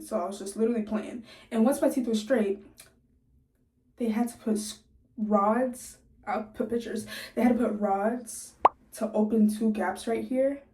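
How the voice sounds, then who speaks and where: A woman's voice: mid-range voice, dark tone, distant mic. Chatty nineteen-year-old woman, echoey room. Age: young adult, 19. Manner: chatty, laughs often, quick asides. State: sore jaw from recent surgery. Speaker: vlogger. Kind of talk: casual storytelling to camera.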